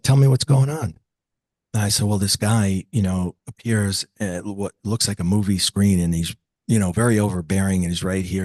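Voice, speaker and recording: Husky-voiced man telling a wild story. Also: low-pitched, no room sound. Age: 40s. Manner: animated, acts out quoted dialogue. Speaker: interview guest. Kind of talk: conversational storytelling.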